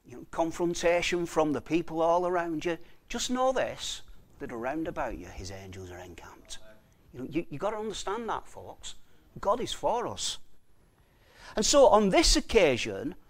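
A man preaching a sermon, reading scripture slowly and asking his listeners rhetorical questions, with frequent restarts. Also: fairly high pitch. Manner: reads scripture slowly and deliberately.

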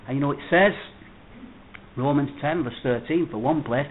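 Male preacher, high animated delivery, emphatic with loud-soft swings, thin phone-line sound. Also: moderate pace, long pauses. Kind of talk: sermon. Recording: tinny phone-like audio.

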